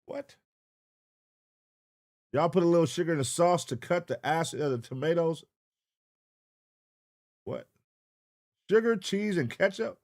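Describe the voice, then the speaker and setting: A man hosting a casual livestream reaction show, talking with profanity and calling out viewer names in an animated roll call. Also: on the high side, unhurried, long pauses. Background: hip hop music.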